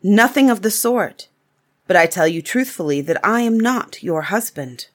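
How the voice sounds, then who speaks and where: A woman's voice: mid-range voice, expressive, normal speed, close to an everyday voice. A woman voicing a bold young prince in a storybook reading, speaking firmly and plainly. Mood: earnest.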